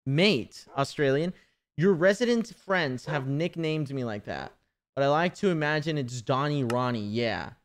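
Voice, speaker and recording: A man's synthetic voice for a polite, calm talking rabbit in a game, speaking low, soft and measured.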